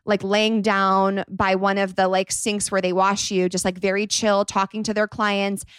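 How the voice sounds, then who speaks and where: A woman's voice: mid-range voice, moderate pace, clean tone, no room sound. Young woman, twenties, podcast host, chatty storyteller, dry close mic. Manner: rambling, animated retelling full of "like". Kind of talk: casual storytime monologue.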